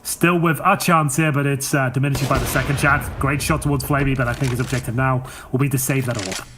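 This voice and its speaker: Fast energetic esports caster, man. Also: mid-range voice, music in the background. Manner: energetic, rising on big plays. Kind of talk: play-by-play commentary.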